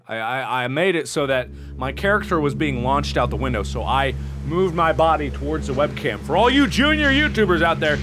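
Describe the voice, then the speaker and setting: Excitable young man yelling over a horror game. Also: a little high. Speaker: gaming video host.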